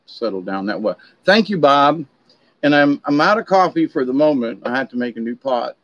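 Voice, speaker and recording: A man's voice: medium pitch, lively intonation, normal speed, fairly bright tone, no echo. Rambling man with a dull, dry sound. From Florida, USA. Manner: chatty storyteller, drifting off on tangents. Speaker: vlogger. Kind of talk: rambling casual monologue. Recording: slightly dull, dry recording.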